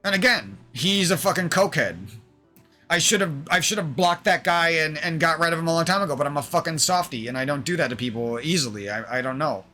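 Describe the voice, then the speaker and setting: A man's voice: on the high side, brisk, bright, forceful tone, faint music behind. A young man streaming, venting in a rambling, aggrieved monologue full of swearing.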